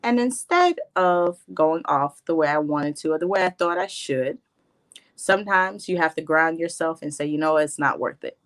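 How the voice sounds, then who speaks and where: Low-voiced candid young woman. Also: lively intonation, moderate pace, no echo, poor audio. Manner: straightforward, candid. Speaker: panelist. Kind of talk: casual panel talk.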